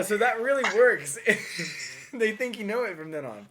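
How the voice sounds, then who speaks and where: A man's voice: sits high, expressive, normal speed, noisy background. A young man co-hosting a podcast, joking, laughing often and acting out voices while telling stories. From grew up abroad as a third culture kid. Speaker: podcast co-host. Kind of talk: casual chat.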